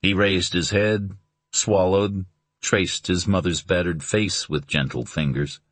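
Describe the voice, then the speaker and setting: Male narrator, lowish voice, dry close sound, dramatic audiobook reading. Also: fairly even intonation, slow pace, a bit bright, no echo. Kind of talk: scripted narration.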